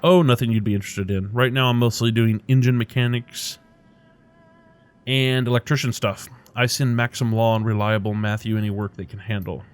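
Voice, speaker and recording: A man's voice: medium pitch, fairly even intonation, moderate pace, clear, resonant tone, lightly acted. A man voicing a cheerful, hungover middle-aged male street doctor in a video game, with a loose Midwestern accent and a boisterous, jokey manner. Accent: Midwestern American put on. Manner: boisterous, jokey, words piling together.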